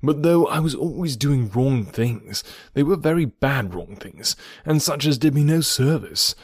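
A man reading the part of an impulsive, charming young gentleman in a storybook, earnest and effusive. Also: medium pitch, animated, a little slow, husky, dry recording, clean studio sound, pitched above the performer's own voice. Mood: rueful.

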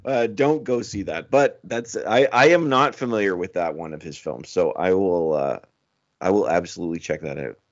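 A man's voice: deep voice, normal speed, lo-fi sound. A man with a Canadian accent, a guest on a podcast who chats in a friendly, rambling way. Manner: friendly, rambling, laughs easily. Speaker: podcast guest, film critic. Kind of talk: casual podcast chat.

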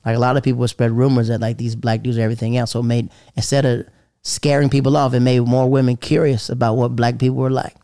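A man's voice: mid-range voice, level tone, fast, dark tone, smooth, dry recording, clean studio sound. A man who is a stand-up comedian, talking casually and rambling with lots of "like" fillers as he acts out the people in his stories. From American South. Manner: rambling, loaded with "like", acts out quoted voices. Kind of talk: casual storytelling chat.

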